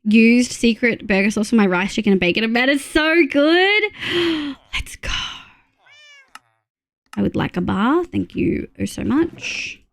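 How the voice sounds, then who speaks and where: A woman's voice: mid-range voice, lively intonation, measured pace, vocal fry. An Australian woman streaming live, chatting casually with viewers as she plays, counting aloud under her breath and swearing freely. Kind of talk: casual live-stream chat while playing.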